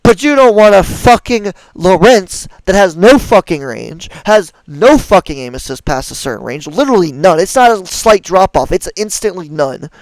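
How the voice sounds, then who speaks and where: Young male streamer, exasperated profane rant, clear voice in a dead room. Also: sits high, expressive, normal speed, few pauses, no room sound, low-quality recording. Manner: angry, profane, exasperated ranting. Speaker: gaming streamer. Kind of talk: ranting gameplay commentary.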